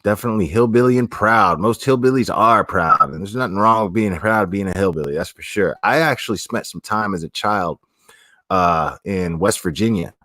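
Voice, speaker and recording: A man's voice: on the low side, a bit bright, dry recording, studio quality. A man from South Florida with a South Florida accent, chatting casually on a livestream and answering comments in a rambling, profane way with many restarts. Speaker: streamer.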